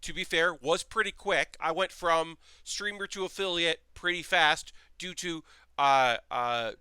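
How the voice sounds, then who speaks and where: A man's voice: a little high, measured pace, bright, forceful tone, clean tone, dry recording. A man hosting a live stream in casual, rambling chat, reading messages from his chat aloud as he builds model kits.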